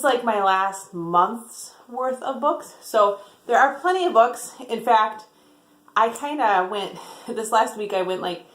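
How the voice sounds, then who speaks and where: A woman's voice: mid-range voice, fairly bright tone, roomy sound. A woman chatting casually about her book haul, rambling, with lots of "like" and "um". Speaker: book vlogger.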